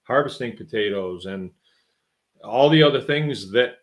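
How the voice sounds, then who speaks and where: A middle-aged man talks in a casual, folksy monologue, rambling along with plenty of fillers and restarts. His voice sits at an ordinary middle pitch for a man. He sounds like a farmer hosting his own show. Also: lively intonation, measured pace. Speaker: podcast host and farmer.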